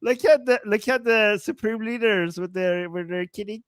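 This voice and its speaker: A man's voice: sits high, moderate pace, fairly bright tone, smooth, dry recording. A man from Iran co-hosting a casual live stream, amused and laughing often as he talks. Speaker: co-host.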